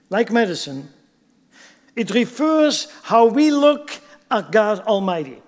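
A man preaching a sermon, swinging from loud emphatic bursts down to near-whispers. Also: sits high, sing-song, slow, long reverb tail. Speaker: pastor.

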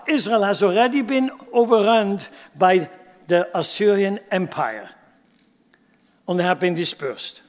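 Male pastor, higher register, emphatic sermon delivery with rhetorical questions, reverberant sanctuary. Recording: long hall reverb.

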